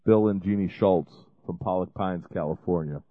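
A man's voice: sits low, normal speed, no room sound. A man hosting a ministry show, making a rambling fundraising appeal full of restarts and fillers. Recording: dry, phone-like lo-fi sound.

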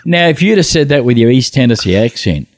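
A man's voice: mid-range voice, very animated, a little fast, no room sound, clean studio sound. A man co-hosting a casual Bible study, trading playful, joking banter.

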